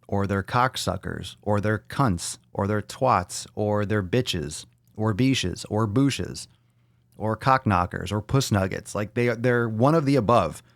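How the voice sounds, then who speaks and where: A man's voice: fairly low pitch, no echo, studio quality. A man hosting a live Q&A podcast, casual and playful, swearing freely and joking around as he answers questions. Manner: profane, playful, goofing with mock self-scolding. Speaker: podcast host.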